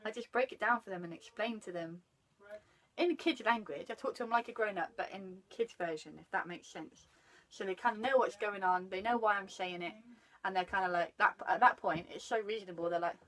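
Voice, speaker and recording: Animated mum chatting about parenting. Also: female voice, medium pitch, a little fast, poor audio. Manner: animated, greets passers-by mid-talk. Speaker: parenting guest. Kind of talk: casual chat about parenting.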